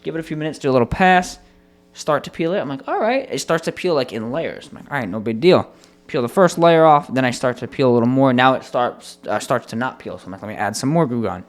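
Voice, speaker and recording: A man co-hosting a casual podcast, telling a story with lots of swearing. His voice swings widely up and down in pitch as he acts out his own frustration, at a middle pitch for a man. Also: fast. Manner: animated, profane storytelling. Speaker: podcast co-host. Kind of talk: casual chat.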